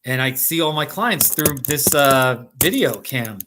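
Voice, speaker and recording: In a medium-pitched, expressive voice, a middle-aged American streamer in Colorado talks a little slowly as he reads comments and chats with viewers by name, laughing frequently. Some background noise is audible.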